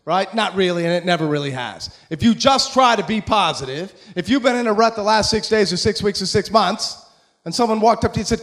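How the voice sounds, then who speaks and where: A man in his forties with an American accent, giving an excitable, jokey motivational talk to an audience at a school event. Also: high voice, fairly quick, gravelly. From USA. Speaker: motivational speaker.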